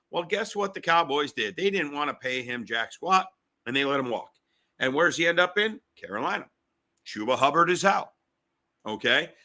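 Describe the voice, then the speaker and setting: Fast-talking fired-up male podcast host. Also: fairly high pitch, pushed and bright. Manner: fast, fired-up, repeats himself. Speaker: sports betting podcast host. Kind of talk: solo sports betting podcast.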